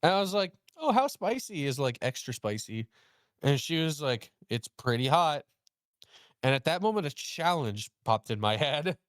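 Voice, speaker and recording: A young male host speaks smoothly at a moderate pace as he tells a story during an easygoing chat, playing both participants in the conversation. Animated, he jumps in pitch for the quoted dialogue. The recording is dry and studio quality.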